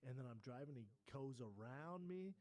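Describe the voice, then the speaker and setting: A man's voice: mid-range voice, animated, moderate pace, a little mellow. Guy swearing his way through a road rage story, quotes himself a lot. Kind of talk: casual chat.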